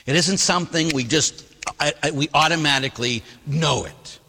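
Priest preaching in a reverberant hall. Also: male voice, a little high, moderate pace, creaky, a little hiss or hum. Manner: animated storytelling, voicing others in quotes. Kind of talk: sermon.

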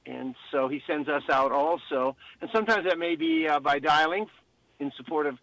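A man, a priest, speaking as a guest on a radio show, hesitant and halting, with many fillers. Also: on the high side, a bit bright, no room sound, low-quality recording. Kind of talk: radio interview.

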